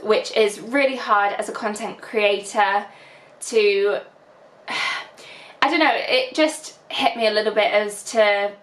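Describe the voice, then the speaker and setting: A woman's voice: medium pitch, a bit bright. Northern english girl in her 20s vlogging, lots of likes and ums, roomy echo. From England. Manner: chatty, many fillers, emotional and teary at times. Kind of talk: casual reflective vlog chat.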